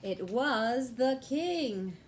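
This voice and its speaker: A woman reading a children's picture book aloud at storytime with an expressive, storybook cadence. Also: a little high, extremely slow, a little hiss or hum.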